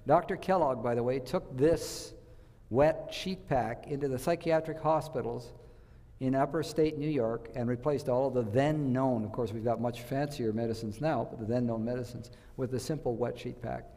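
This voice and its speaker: A man's voice: medium pitch, normal speed, warm tone, big-room sound. A man giving a health talk to a church audience, telling stories and quizzing his listeners. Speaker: health speaker.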